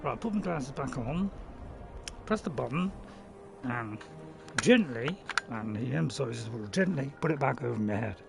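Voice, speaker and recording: Man, playful game commentary, rambling with fillers, gravelly voice, bouncy pitch. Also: lively intonation, moderate pace, noisy background. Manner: chatty and playful, rambling with fillers and self-mocking laughs. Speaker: game streamer. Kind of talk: casual gameplay commentary.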